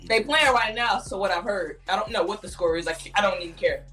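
A woman's voice: mid-range voice, fairly quick, fairly bright tone, rough recording. A woman from Nigeria co-hosting a casual podcast chat, teasing and boastful. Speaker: podcast co-host.

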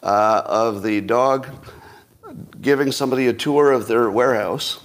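A man's voice: medium pitch, a little slow. A man in his sixties hosting a solo commentary show, rambling and self-mocking with frequent chuckles. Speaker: podcast host.

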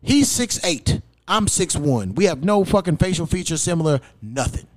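A young man with a slightly high voice tells a story on his podcast. He curses constantly and keeps it animated. He jumps up loud whenever he quotes himself. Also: moderate pace. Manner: profane, animated, acts out quotes loudly. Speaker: podcast host. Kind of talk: casual storytelling chat.

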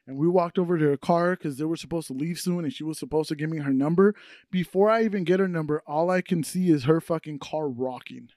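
High-voiced swearing man, dry sound. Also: fast talker, warm tone, dry recording. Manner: swears constantly, laughs while telling stories. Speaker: podcast co-host. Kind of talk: crude casual storytelling.

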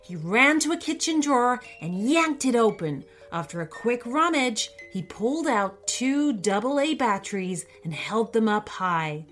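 A woman narrating a children's story in an expressive storytelling manner. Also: a little high, measured pace, hardly any pauses, faint music behind.

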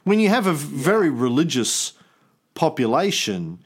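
With a fairly high voice, a breathy edge, and a normal speaking speed, a man hosts a laid-back history podcast. He narrates in an animated, chatty way, slips in the odd swear word, and does voices for quotes.

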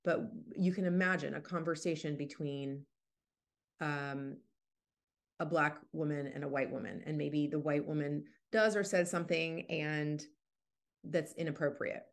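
This podcast host speaks in a casual, unscripted monologue, reflective and full of restarts. Her voice is low and steady with vocal fry, and her pace is a little slow.

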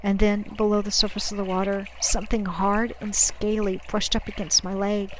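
A woman reading a first-person audiobook narration in a measured, dramatic way, dropping to a hush at tense moments. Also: mid-range voice, little pitch movement, a little hiss or hum, rough recording.

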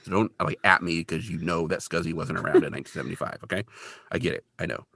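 A man co-hosting a podcast, chatting casually and retelling scenes with quick playful voices. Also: low-pitched, vocal fry, fairly bright tone, no room sound, studio quality. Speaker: podcast co-host recapping an episode. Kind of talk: casual chat.

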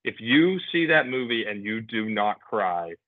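A man's voice: on the low side, animated, measured pace, dry recording. A man co-hosting a podcast, talking in an earnest, emotional way with lots of restarts. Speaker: podcast co-host. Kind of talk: casual chat. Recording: tinny phone-like audio.

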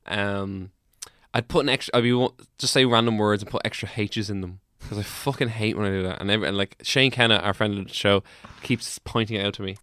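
Laughing podcast storyteller. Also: male voice, lowish voice, brisk, clear, resonant tone, no echo, studio quality. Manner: laughing, animated, swears freely. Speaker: podcast co-host. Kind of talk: casual storytelling banter.

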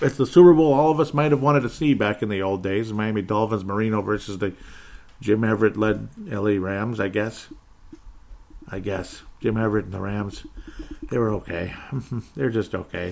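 A man's voice: fairly low pitch, gravelly. A man hosting a solo football podcast, recapping the week's games in a sarcastic, rambling way, with sighs and chuckles. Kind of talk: casual solo sports recap.

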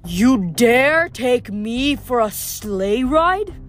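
A woman reading aloud voices a boastful, brutish male giant with a slow, growling, mocking delivery. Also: fairly high pitch, lively intonation, soft background music. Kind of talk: audiobook character voice.

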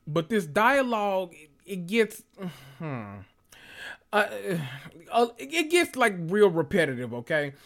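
A man recapping a TV episode for his channel in a loose, casual reaction style. He talks with a sassy, animated edge and swears freely, and his voice sits a little higher than most men's. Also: slow pace. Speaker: recap vlogger.

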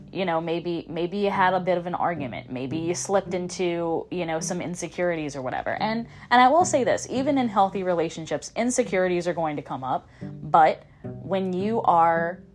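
A woman hosting a podcast, talking casually and upbeat in a coaching tone, often repeating and restarting her phrases. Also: on the low side. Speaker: podcast host. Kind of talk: casual motivational monologue.

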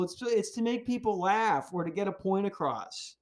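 A male podcast host on a loose, heated rant, full of cursing. His voice sits a little high for a man and jumps up sharply whenever he gets worked up. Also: normal speed. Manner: profane, heated, animated. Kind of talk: casual ranting monologue.

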